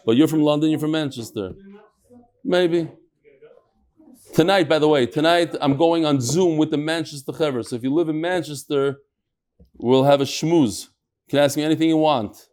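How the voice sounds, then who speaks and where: A middle-aged man hosting and teaching a lively, joking Talmud class to a live group, mixing English with Hebrew and Aramaic terms. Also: a little high, moderate pace, long pauses. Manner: animated, jokey, switching between English and Hebrew-Aramaic terms.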